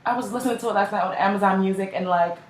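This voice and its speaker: A woman's voice: medium pitch, very fast. A young woman chatting casually in a music reaction video, gushing and filling every sentence with "like" and slang. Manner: gushing, heavy use of "like" and slang. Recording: echoey room.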